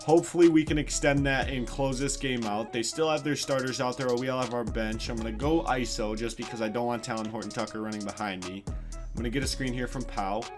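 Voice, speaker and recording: A young man giving excited play-by-play commentary over a basketball video game, hyping big plays, sometimes yelling and casually swearing. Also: mid-range voice. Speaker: gaming YouTuber.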